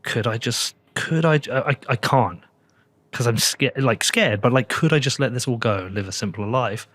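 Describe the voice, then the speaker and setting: A man hosts a podcast, opening up candidly about his life with casual swearing. His voice sits at an ordinary pitch for a man and is recorded dry, with no room echo. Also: moderate pace, fairly bright tone. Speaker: podcast host. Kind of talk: casual interview conversation.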